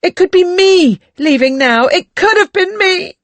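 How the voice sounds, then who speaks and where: A woman's voice: very high voice, lively intonation, a little slow, dry recording, voice pushed up, heavily acted. Shrieking distraught young woman, as a reader puts her on. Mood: anguished shouting. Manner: shrieking, sobbing. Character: young woman screaming in jealous despair.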